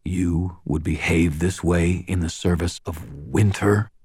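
A man voicing a huge growling fae gruff. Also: low-pitched, measured pace, no echo, clean studio sound. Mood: menacing formal. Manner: formal archaic speech, growling. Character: huge gruff fae giant, archaic, rumbling.

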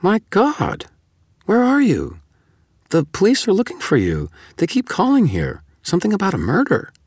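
A man voicing a tired, stressed woman reporter who talks quickly and presses with worried questions. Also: deep voice, very animated, darkish tone, no echo, studio quality, voice pushed up. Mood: alarmed.

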